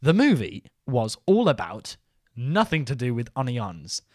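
A man's voice: medium pitch, huge pitch swings, unhurried, darkish tone, no room sound, studio quality. A young man co-hosting a podcast in silly, giggly banter, given to wandering puns. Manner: goofy, giggly, trails off into puns. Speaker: podcast co-host.

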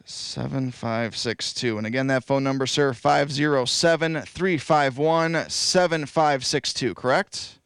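A man hosting a local radio call-in show, friendly, repeating phone numbers slowly. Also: mid-range voice, gravelly, a bit bright, clean tone, no echo. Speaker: radio host. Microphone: studio microphone.

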